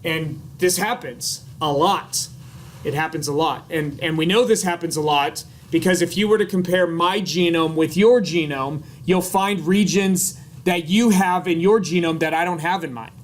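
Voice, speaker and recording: A man's voice: fairly high pitch, moderate pace. A man giving a classroom biology lecture in a chatty, casual way, with jokey asides and frequent checks of "right?".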